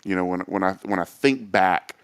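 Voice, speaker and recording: Man, lowish voice, smooth and clear, storytelling guest, animated. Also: moderate pace. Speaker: associate athletic director, guest. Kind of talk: casual storytelling interview.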